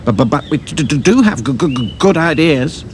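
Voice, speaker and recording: A man's voice: on the high side, expressive, moderate pace, slight background noise, pitched above the performer's own voice, natural voice. A man voicing a timid male rag doll with a heavy stammer.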